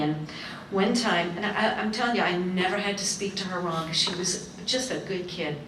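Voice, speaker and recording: A woman panelist telling lively family anecdotes to an audience, acting out the quotes. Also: fairly low pitch, normal speed, hardly any pauses, a little hiss or hum. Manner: lively storyteller, acts out quotes. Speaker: workshop panelist. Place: community seminar hall. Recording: echoey hall, mic far off.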